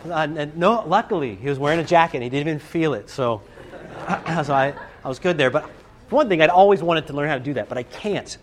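A man giving a storytelling talk to a student audience, animated and acting out scenes and voices. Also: a little high, a little fast, a little hiss or hum. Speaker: speaker addressing students. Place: live talk to a group.

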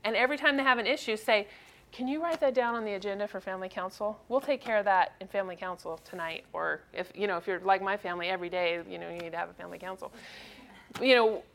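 A woman's voice: mid-range voice, fast, creaky, a little hiss or hum. A middle-aged mother giving a casual church talk, chatty, with many fillers and frequent laughs. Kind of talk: personal storytelling talk.

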